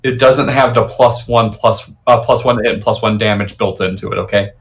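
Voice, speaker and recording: Halting man playing a tabletop game. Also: on the low side, poor audio. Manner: relaxed, halting, with fillers and restarts while describing actions. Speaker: player. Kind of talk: casual tabletop game play.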